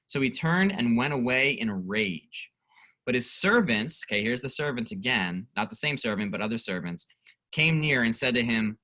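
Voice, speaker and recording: A man's voice: mid-range voice, animated, brisk, bright, forceful tone. A male youth pastor teaching a casual Bible study, reading scripture aloud and asking the group questions.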